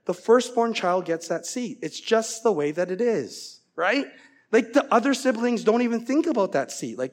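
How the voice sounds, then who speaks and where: A middle-aged male pastor delivers a sermon with the loose, animated manner of someone telling stories from his own life. His voice sits high for a man and swings widely in pitch, rising and falling as he talks. He keeps checking in with his listeners through a steady stream of "right?" and "like". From Korean family, raised in America. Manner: animated storytelling, many "right?" and "like".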